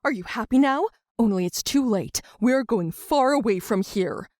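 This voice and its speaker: A woman's voice: on the high side, animated, moderate pace, darkish tone, dry recording, clean studio sound, lightly acted. Woman voicing an anxious, controlling mother. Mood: tearful, angry.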